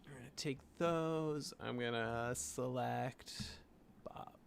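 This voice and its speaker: A man with a Canadian accent and a mid-range, slightly bright voice speaks a little slowly, with a bit of hiss or hum in the background. He's a graphic designer rambling through his work in a casual screen-share vlog, thinking aloud and saying "like" and "you know" often.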